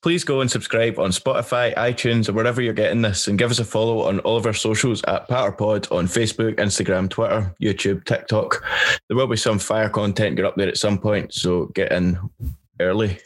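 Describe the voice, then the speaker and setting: A man in his twenties hosting a podcast, chatting casually with relaxed, sweary banter. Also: lowish voice, brisk. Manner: laid-back, sweary banter. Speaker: podcast host.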